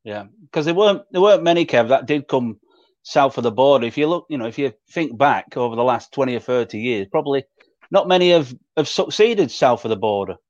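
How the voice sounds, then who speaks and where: A man's voice: mid-range voice, lively intonation, fairly quick, a little mellow, no echo. Casual male host on a dry lo-fi line. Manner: casual, calls the guest mate. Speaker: podcast host. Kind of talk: interview hosting. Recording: dry, dull lo-fi sound.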